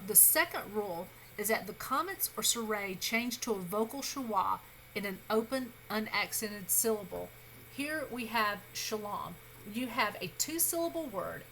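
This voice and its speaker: Bright-voiced woman teaching a grammar lecture. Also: mid-range voice, animated, normal speed, slight background noise, low-quality recording. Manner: patient, reassuring, with frequent um fillers and self-corrections. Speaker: Hebrew grammar instructor. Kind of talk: recorded lecture.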